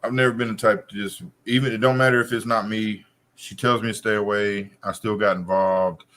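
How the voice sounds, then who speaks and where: A man's voice: fairly low pitch, fairly even intonation, a little fast, a bit bright. A man telling a long profane story on a casual podcast, with a loose, drawling delivery. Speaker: co-host.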